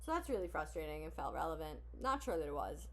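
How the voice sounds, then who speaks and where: A woman's voice: low-pitched, big pitch swings, quick pace, fairly bright tone. A woman hosting a casual song reaction video, talking with blunt, profane candor and frequent sighs. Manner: blunt, candid, profane oversharing with sighs and laughs.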